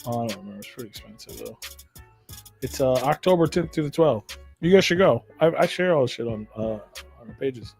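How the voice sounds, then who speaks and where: A man's voice: mid-range voice, lively intonation, brisk, a little mellow, soft background music. A man co-hosting a podcast who talks casually in slang and swears, often rambling and restarting his sentences. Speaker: co-host.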